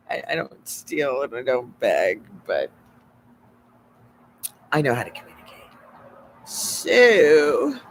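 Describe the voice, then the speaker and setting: Woman, rambling vlog storyteller, digressive, mumbled asides, animated pitch. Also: poor audio. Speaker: vlogger.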